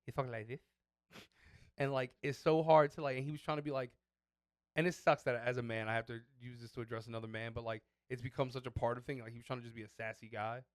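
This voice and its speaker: A man's voice: mid-range voice, fairly even intonation, fast, no room sound, clean studio sound. A man co-hosting a podcast, telling loose, profane work stories full of slang in casual chat. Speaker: podcast co-host.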